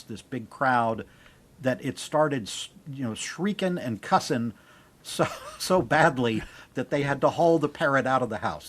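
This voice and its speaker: Podcast guy spinning a yarn, easygoing, middle pitch. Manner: storytelling, joke-telling. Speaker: podcast co-host. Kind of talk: casual chat.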